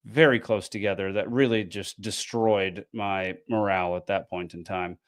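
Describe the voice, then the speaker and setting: A man's voice: lowish voice, steady tone, normal speed. A tired man, hosting a casual podcast and recapping a frustrating match with lots of ums and restarts. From American South. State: tired, yawning. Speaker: podcast host.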